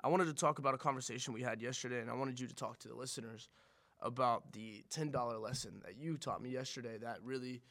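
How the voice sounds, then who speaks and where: A man's voice: mid-range voice, fast, fairly bright tone. A man speaking as a podcast guest in casual chat, hesitant, stammering and restarting his sentences.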